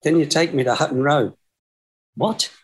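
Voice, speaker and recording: Australian guy in his 60s, bit high voice, rambles on with a story, laughing as he goes. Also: moderate pace. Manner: rambling, chuckles through his anecdotes. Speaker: guest. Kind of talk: casual storytelling.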